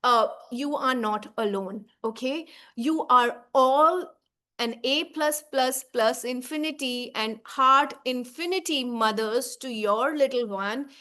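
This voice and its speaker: A woman's voice: high voice, slow pace, pushed and bright. A woman in her thirties, a baby sleep coach, giving a heartfelt talk to mothers, earnest and reassuring, often checking in with "right?" and "okay?". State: emotional, tearing up.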